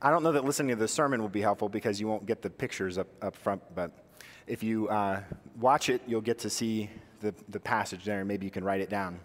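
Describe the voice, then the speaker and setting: A man teaching a sermon on prayer practices, asking the congregation questions and answering them himself. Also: in a large hall. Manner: guides slow breathing prayer, drops soft and low on the repeated phrase. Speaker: pastor.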